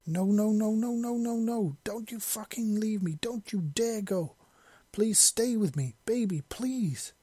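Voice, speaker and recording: A man's voice: high-pitched, measured pace, few pauses, warm tone, slightly rough, dry recording, pitched above the performer's own voice. A man voicing a grief-stricken soldier screaming. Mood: anguished. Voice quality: strained, pleading. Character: grieving soldier yelling over his dying lover.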